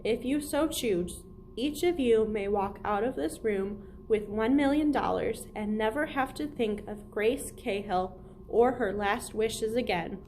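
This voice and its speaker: Brief: formal, deliberate old male lawyer, read by a woman, higher-pitched, storybook. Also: a little mellow, slight background noise. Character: stern elderly male lawyer, formal, measured.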